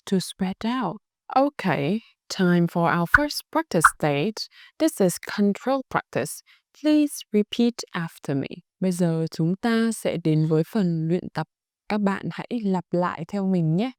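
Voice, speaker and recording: A woman's voice: mid-range voice, lively intonation, measured pace, a little mellow, no echo, studio quality. A woman from Hanoi with a Vietnamese accent, teaching a scripted language lesson and carefully demonstrating tones.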